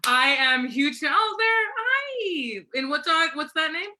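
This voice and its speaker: A woman in her forties hosting a casual live chat, chatty and animated, laughing often and acting out quotes. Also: high voice, slow. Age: 40s. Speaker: host.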